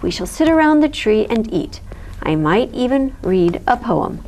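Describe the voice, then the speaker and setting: A woman voicing a stern, proper male bear in a picture-book read-aloud, pompous and slow. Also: fairly high pitch, big pitch swings, a little mellow, slight background noise. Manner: pompous and declaring, drawn-out words.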